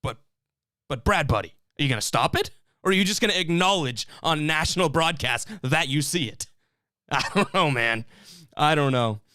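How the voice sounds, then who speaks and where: A man's voice: fairly high pitch, lively intonation, normal speed, pushed and bright, no room sound, clean studio sound. Fired-up man hosting a fan stream. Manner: fired-up, rambling, frequent restarts and fillers. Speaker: sports stream host reading chat. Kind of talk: casual live-stream commentary.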